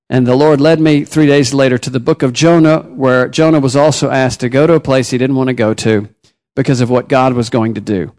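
A man preaching a sermon as a missionary, telling personal stories with lively rises and drops in pitch. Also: normal speed.

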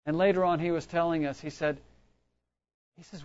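A man's voice: on the high side, fairly even intonation, moderate pace. A man preaching a sermon in a conversational, storytelling way, often restarting his sentences. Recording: dull lo-fi recording.

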